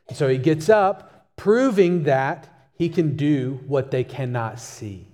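A man's voice: medium pitch, expressive, a little slow, hardly any pauses, darkish tone, big-room sound. A male pastor preaching a sermon, emphatic and repeating key phrases for stress.

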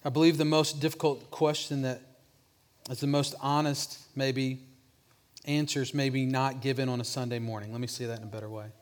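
Guy preaching, mid-pitched voice, trails off and restarts, gets quiet on the big question. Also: flat delivery, normal speed. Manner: preaching with restarts, drops softer when voicing Jesus' question. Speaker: pastor. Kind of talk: sermon.

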